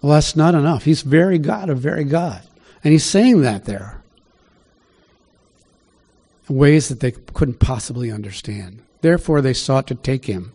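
A male pastor teaches from scripture in a relaxed, conversational sermon, often stopping to ask his listeners questions. His voice has a dark, mellow tone at a mid pitch. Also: normal speed, hardly any pauses, husky.

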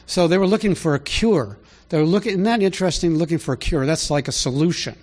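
A man preaching a conversational Bible teaching, asking rhetorical questions and rising in pitch to stress his points. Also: fast talker, a little mellow. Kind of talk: sermon teaching.

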